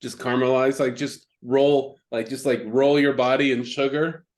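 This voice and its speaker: A man's voice: mid-range voice, little pitch movement, moderate pace. A man co-hosting a podcast in casual banter, stammering and laughing as he talks. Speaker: podcast co-host.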